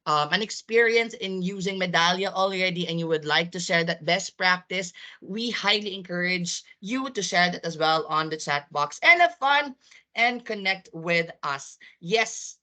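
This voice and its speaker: A woman's voice: moderate pace, pushed and bright. Upbeat woman leading an online training. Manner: upbeat, rises high on questions to the audience. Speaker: corporate trainer. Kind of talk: live online staff training. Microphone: video call.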